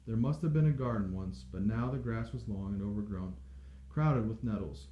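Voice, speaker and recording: A man reading a novel aloud in steady, measured storytelling. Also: on the low side, slight background noise. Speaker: audiobook reader. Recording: dull echoey home recording.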